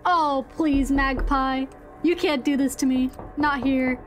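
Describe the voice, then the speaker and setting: A woman's voice: high-pitched, fairly even intonation, slow, soft background music. A woman streamer chatting playfully with her viewers while playing a horror game. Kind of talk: casual gaming chat.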